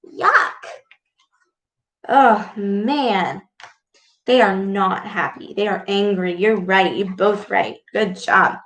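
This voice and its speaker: Woman, children's story read-aloud, expressive, exclamatory, unhurried, echoey room. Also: medium pitch. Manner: expressive, full of gasps and exclamations. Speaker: speech clinician reading to children.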